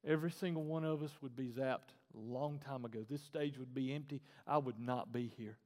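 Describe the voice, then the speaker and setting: Man, pastor, sermon, animated, repetitive emphasis, long reverb. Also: mid-range voice, brisk. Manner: animated, conversational, repeating phrases for emphasis. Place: church auditorium stage. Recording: long reverb in a large hall.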